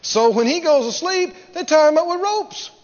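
High lively preacher guy, emphatic sermon, dull muffled hall echo. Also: normal speed. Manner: emphatic, repetitive, swings from loud to soft. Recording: dull sound, long hall reverb.

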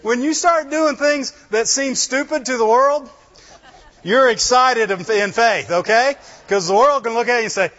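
A man preaching a sermon, animated and full of rhetorical questions, breaking into "Glory to God" again and again. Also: very high voice, normal speed. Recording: dull lo-fi sound in a reverberant hall.

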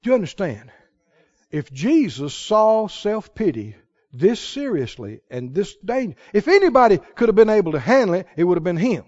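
Very high-pitched, animated preaching man. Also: normal speed, dull audio. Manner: emphatic, repetitive, rising to exclamations. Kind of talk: sermon.

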